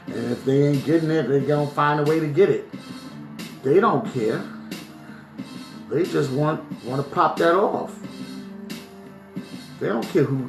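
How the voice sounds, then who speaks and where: Emphatic man from New Jersey preaching on a phone stream; raised pitch, roomy echo, soft music underneath. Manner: preachy, emphatic, keeps asking "right?". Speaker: vlogger. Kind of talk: live-streamed commentary. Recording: echoey room with faint music.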